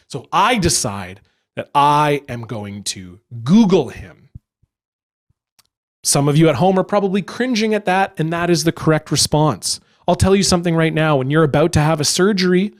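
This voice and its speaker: A young man telling a story as a stand-up comedian, animated and acting out other people along the way. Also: on the high side.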